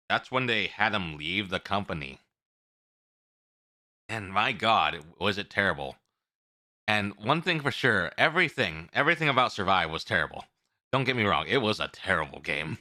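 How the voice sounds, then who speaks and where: A man's voice: deep voice, no room sound, studio quality. A man streaming and chatting casually, rambling and talking with his mouth full. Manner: rambling, animated, eating while talking.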